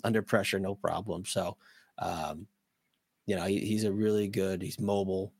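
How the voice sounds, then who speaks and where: A man hosting a casual hockey podcast, losing his voice and sounding hoarse, rambling with lots of ums, restarts and casual swearing. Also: low-pitched, flat delivery, moderate pace, darkish tone, no room sound, studio quality. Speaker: podcast host. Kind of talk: casual hockey prospect talk.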